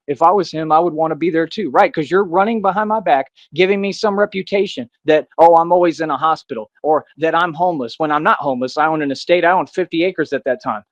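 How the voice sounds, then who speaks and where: A man's voice: a little high, no room sound. A man delivering an angry, defiant monologue to the camera, agitated and repeating himself as he rants. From United States.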